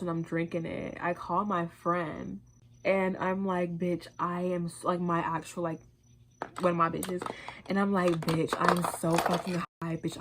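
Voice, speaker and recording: A young woman vlogger telling a casual, animated storytime, full of swearing and acted-out quotes. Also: lowish voice, very noisy. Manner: animated, profane, quoting herself in voices.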